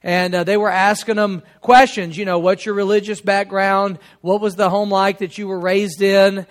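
Middle-aged pastor, high voice, chatty joking sermon. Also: male voice, flat delivery, normal speed. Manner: conversational, joking with the congregation.

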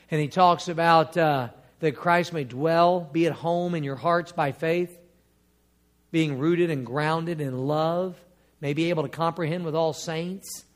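A man preaching a sermon as pastor, quoting scripture and building to emphatic, drawn-out points. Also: fairly high pitch, fairly bright tone. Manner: preaching with rising emphatic bursts and drawn-out key words; quotes scripture in old King James wording.

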